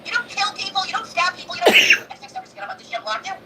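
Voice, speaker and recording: A woman in a heated, profane livestream rant, her voice high and swinging wildly up and down as she races along. She sounds distant, and clear background noise runs under her. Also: wildly swooping pitch, racing, pushed and bright.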